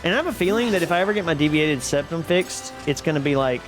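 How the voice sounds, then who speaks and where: A man's voice: a little high, expressive, quick pace. Chatty man streaming over background music. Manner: rambling, chatty, self-deprecating, laughs often. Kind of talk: casual live-stream chat while gaming. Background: music playing.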